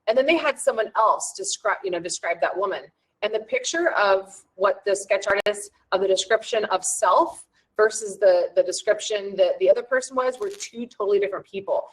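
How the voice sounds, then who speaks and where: Chatty lady coach rambling on, super animated, lots of likes and ums. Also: medium pitch, brisk, low-quality recording. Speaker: wellness coach hosting an online challenge. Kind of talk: casual chat.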